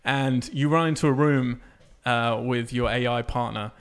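A man rants in a loose, conversational way, swearing freely and laughing through his complaints. His pitch sits right in the middle for a man. He sounds like one regular voice trading jokes with friends on a casual chat show. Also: a little slow, smooth. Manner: animated, profane ranting with laughs.

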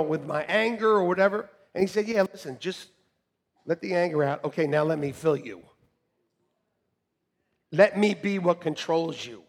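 A middle-aged man preaching a sermon to a congregation, joking and animated, swinging from shouts to quiet asides. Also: sits high, slightly rough. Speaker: pastor. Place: church hall with congregation. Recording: long reverb of a church hall.

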